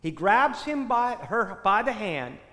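A man's voice: high voice, sing-song, slow pace, a bit bright, big-room sound. A man preaching a sermon, retelling a scripture story and asking the congregation rhetorical questions.

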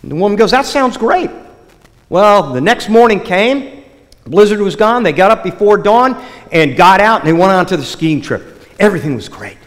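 A man preaching a sermon, opening with a joke told in a lively storytelling way with many restarts. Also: high-pitched, brisk. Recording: long hall reverb.

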